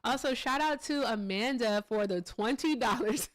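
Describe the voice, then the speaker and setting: A woman's voice: on the high side, normal speed, no room sound. A woman hosting a live stream in a casual, chatty way. She thanks donors, laughs often and swears freely. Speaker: livestream host.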